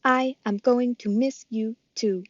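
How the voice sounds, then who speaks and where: Woman doing a gentle robot mom, slow and formal, kinda high. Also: fairly even intonation, dry recording, dull audio. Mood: calm tender. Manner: slow, measured, formal speech without contractions. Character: calm, gentle female robot mother.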